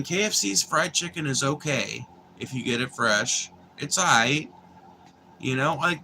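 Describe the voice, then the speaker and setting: A man's voice: mid-range voice, bright, forceful tone, slight background noise. Rambling, profane young man. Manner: profane, meandering, restarts and filler words. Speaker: livestream host chatting with viewers. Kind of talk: casual rambling chat.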